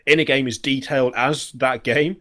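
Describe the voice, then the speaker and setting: A man from the UK co-hosting a casual gaming podcast, talking in a relaxed, rambling way full of fillers. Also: medium pitch, moderate pace. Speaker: podcast co-host.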